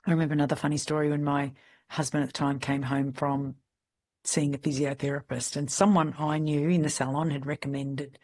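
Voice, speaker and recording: A middle-aged woman with an Australian accent, a podcast host telling candid, lively stories in casual chat. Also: low-pitched, brisk. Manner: lively, candid anecdotal storyteller. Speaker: podcast host, salon mentor.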